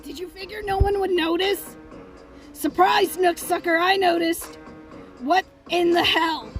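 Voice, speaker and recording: A woman voicing a short-tempered, foul-mouthed young male troll in a raspy voice, during a live game reading with music behind. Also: very high-pitched, steady tone, unhurried. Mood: furious. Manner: shouting insults, exasperated.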